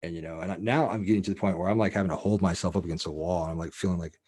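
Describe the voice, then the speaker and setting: Man, very low voice, rapid delivery, profane, rambling storyteller. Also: fairly even intonation, a little mellow, breathy edge. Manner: rambling, profane, filler-heavy. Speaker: show host. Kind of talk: casual storytelling.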